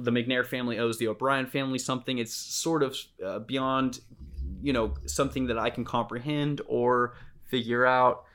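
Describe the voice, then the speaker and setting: A man's voice: mid-range voice, fairly bright tone. A young man from Houston co-hosting a sports podcast, ranting in exasperated, profane bursts. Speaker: podcast co-host. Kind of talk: casual sports chat.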